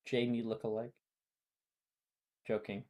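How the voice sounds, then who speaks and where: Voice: medium pitch, a little slow. A game master narrating a fan tabletop role-playing game in a playful, chatty way. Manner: animated, playful, with fillers and restarts.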